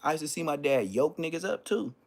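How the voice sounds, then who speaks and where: A man hosting his own live stream, telling a story in a loose, profane way and jumping into high-pitched exclamations. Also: animated, a little fast. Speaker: livestream host.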